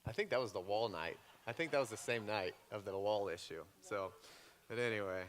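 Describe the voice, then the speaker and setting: A man's voice: fairly low pitch, fairly quick, fairly bright tone. Joking, upbeat man pastor. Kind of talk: church Q&A talk. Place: church hall.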